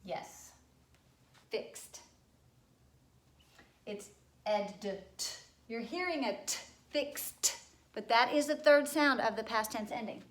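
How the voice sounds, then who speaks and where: A woman with a fairly high voice teaches a spelling lesson to second graders, patiently sounding out words and spelling them letter by letter. She speaks in an unhurried way, in an echoey room.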